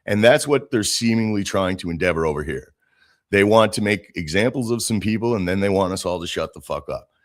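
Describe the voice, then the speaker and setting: A man's voice: low voice, lively intonation, a little fast, no room sound, studio quality. A man co-hosting a podcast, talking casually and bluntly about politics, swearing freely. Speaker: podcast co-host.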